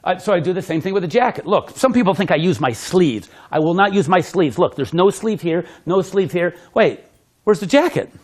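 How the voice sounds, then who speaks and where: High, animated man telling magic stories. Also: brisk. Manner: lively, laughing, acts out quotes loudly. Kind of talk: animated storytelling with demonstration.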